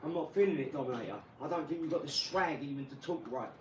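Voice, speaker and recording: A man's voice: on the high side, quick pace, far from the mic, slight background noise, rough recording. Mocking man trash-talking. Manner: mocking trash talk with loud outbursts. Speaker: livestreamer. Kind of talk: live stream chat while boxing. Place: garage.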